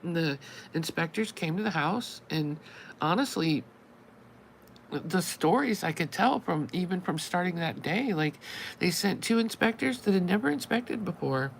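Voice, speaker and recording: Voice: mid-range voice, expressive, moderate pace, creaky, a little hiss or hum, rough recording. A channel host telling a long story in casual live-stream chat, acting out both sides of each conversation with wry exasperation.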